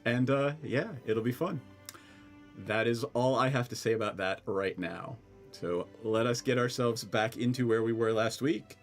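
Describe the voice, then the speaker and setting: Chatty male game master with filler pauses. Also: mid-range voice, soft background music. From Scranton, Pennsylvania. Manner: chatty, laughs often, trails off with fillers. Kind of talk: narrating a tabletop game.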